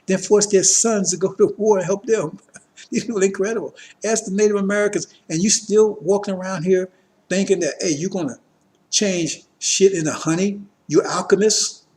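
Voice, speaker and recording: A man's voice: high-pitched, fairly even intonation, moderate pace, a little mellow. A man preaching a political lecture to a congregation, talking emphatically, firing rhetorical questions and often checking in with his listeners. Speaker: religious teacher addressing a congregation.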